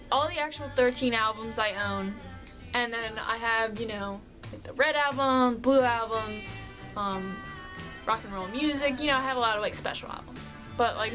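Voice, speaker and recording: A woman's voice: on the high side, a bit bright, rough recording. A young woman vlogger chatting casually through a fan question list, rambling and a bit shy.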